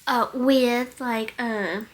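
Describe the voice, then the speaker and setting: Teen girl chatting at home, high voice, slow and hesitant with lots of ums. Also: steady tone. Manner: hesitant, lots of ums, tries silly accents. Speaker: daughter of the vlogger. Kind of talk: casual chat. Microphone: handheld camera.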